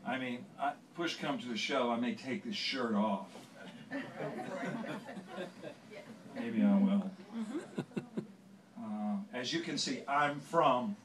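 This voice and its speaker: A man's voice: medium pitch, slow pace, pauses often. A man in his sixties tells a rambling, self-deprecating story on stage, stopping and restarting often. His voice sits in a roomy space and is picked up from some distance, with a faint hiss underneath. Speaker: songwriter performing on stage. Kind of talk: onstage anecdotal storytelling. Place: stage before an audience.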